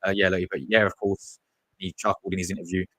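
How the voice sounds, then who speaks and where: A young man, chatting casually and excitedly on a fan live stream, full of slang and repeated words. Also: low voice, fast talker, dry recording.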